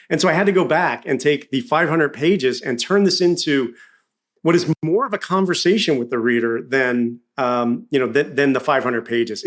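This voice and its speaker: A man with a Philadelphia accent, a podcast guest telling stories in casual conversation and acting out quoted dialogue. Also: fairly high pitch. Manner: animated storyteller, acts out quoted dialogue.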